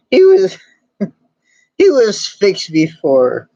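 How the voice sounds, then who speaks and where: A giggly man chatting casually on a stream, talking very slowly in a slightly high voice. His laughter keeps breaking into his sentences. The sound is dull and lo-fi, with no room echo at all. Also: lively intonation. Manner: giggly, laughs constantly between phrases. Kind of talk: casual chat.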